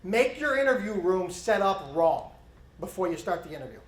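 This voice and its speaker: A middle-aged man training police officers, giving an animated conference presentation and acting out bits of interview dialogue. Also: high voice, moderate pace. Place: conference hall. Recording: echoey conference hall.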